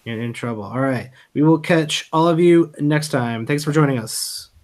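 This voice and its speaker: A man's voice: on the high side, normal speed, darkish tone. A man hosting a podcast in casual chat, talking loosely with lots of fillers. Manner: loose, filler-heavy talk. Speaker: podcast host.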